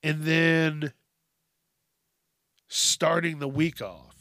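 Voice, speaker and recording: A man's voice: on the high side, level tone, extremely slow, sharp tone, no echo, clean studio sound. A man hosting a solo podcast, rambling and swearing, sometimes calling himself by name in the third person. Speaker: podcast host.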